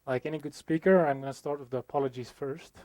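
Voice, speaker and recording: A man's voice: on the high side, steady tone, quick pace, a little mellow, a little hiss or hum, rough recording. A young South African man giving a joking, filler-heavy conference talk about his work. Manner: self-deprecating, joking, many fillers. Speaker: conference speaker.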